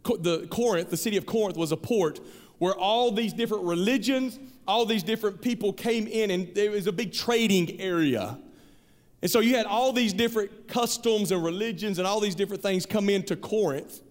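Preacher guy, high voice, chatty and earnest, big echoey church hall. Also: moderate pace. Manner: earnest, conversational, repeats himself. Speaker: pastor. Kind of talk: sermon. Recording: reverberant hall.

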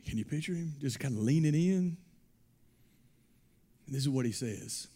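Emphatic, booming male preacher. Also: expressive, normal speed. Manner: emphatic, rising to loud exclamations. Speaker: pastor. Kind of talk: sermon.

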